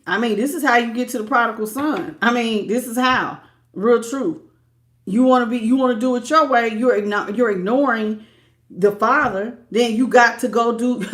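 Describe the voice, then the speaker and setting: Woman w/ doing a live tarot reading, slightly high voice, preachy, restarts a lot. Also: moderate pace, background noise. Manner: animated, preachy, repeats and restarts, laughs often. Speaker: tarot reader.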